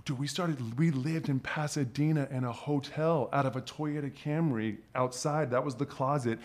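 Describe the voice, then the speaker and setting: A man telling a personal story as a podcast guest, animated and swearing freely, with plenty of filler words like "dude" and "like". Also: mid-range voice, moderate pace. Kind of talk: casual storytelling.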